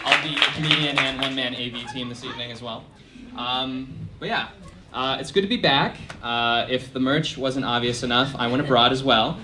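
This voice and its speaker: A young man doing a stand-up set at a college venue, deadpan and self-deprecating, with lots of fillers. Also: medium pitch, brisk, very noisy. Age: young adult. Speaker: stand-up comedian. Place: college performance space.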